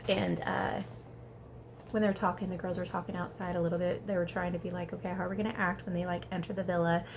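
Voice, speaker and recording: A woman giving a casual, chatty recap of a reality show episode, talking fast and peppering her speech with "like". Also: lowish voice, vocal fry, noisy background. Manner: chatty, animated, heavy use of "like". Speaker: reality TV reviewer.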